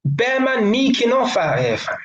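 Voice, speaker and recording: A man's voice: very high-pitched, sing-song, unhurried, a bit bright, lo-fi sound. A young man, chatting bluntly and mockingly on his own live stream. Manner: blunt and mocking, London slang, frequent laughs. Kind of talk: casual live stream chat. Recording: echoey room.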